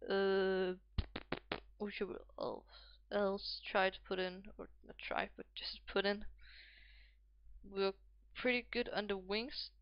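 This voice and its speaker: Slow-talking woman narrating a game. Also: mid-range voice, flat delivery, clear, resonant tone, dull audio. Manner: thinks aloud, calls out player names. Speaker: gaming video host. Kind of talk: casual game commentary.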